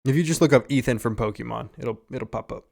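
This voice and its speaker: A man's voice: medium pitch, fast talker, gravelly. A young man co-hosting a casual podcast chat, swearing freely and laughing as he tells stories. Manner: swearing, laughing, animated retelling. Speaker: podcast co-host.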